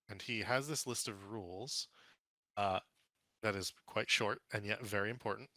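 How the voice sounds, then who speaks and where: Guy dm narrating d&d, bright voice, laid back with lots of ums, dry close mic. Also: lowish voice, moderate pace, long pauses, dry recording. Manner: casual, relaxed, with fillers. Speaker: game master. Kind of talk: narrating a tabletop game.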